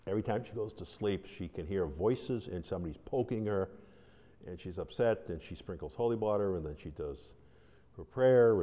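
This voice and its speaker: A man's voice: deep voice, mellow. A man from Buffalo, New York teaching about deliverance ministry in an informal, rambling way, telling stories and acting out the quotes. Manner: rambling storyteller, acts out quotes with laughs. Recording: long hall reverb.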